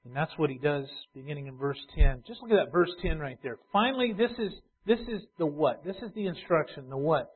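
A man's voice: fairly high pitch, big pitch swings, normal speed, slightly rough. A male pastor preaching a sermon, repeating key phrases and building in intensity. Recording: tinny phone-like sound.

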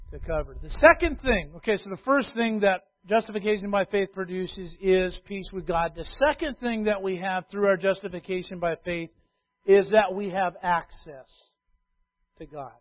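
A man preaching a sermon in an emphatic way, repeating key phrases and swinging between loud declarations and hushed asides. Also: high voice, no room sound. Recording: tinny phone-like sound.

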